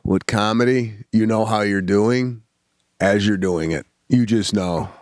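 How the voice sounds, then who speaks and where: A man in his forties, a podcast co-host telling a story in a casual chat, animated and calling his friend "bro". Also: lowish voice, unhurried, no room sound, clean studio sound.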